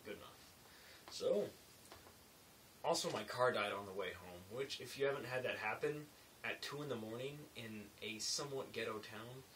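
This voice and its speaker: A man's voice: on the low side, bright, forceful tone, recorded from a distance, low-quality recording. A man who works as a construction laborer, telling casual late-night work stories in a loose, rambling way with lots of fillers. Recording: faint hiss, mic set back.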